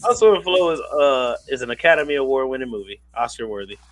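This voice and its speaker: A man co-hosting a podcast in casual chat, telling stories with an animated delivery and mimicking voices. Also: mid-range voice, fast, no echo, rough recording. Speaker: podcast co-host.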